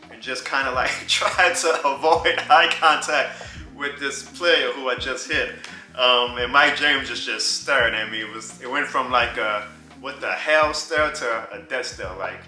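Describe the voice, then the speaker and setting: A man in his thirties telling a personal story in a casual vlog, animated and often laughing. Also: medium pitch, measured pace. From New Orleans. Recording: roomy with faint music.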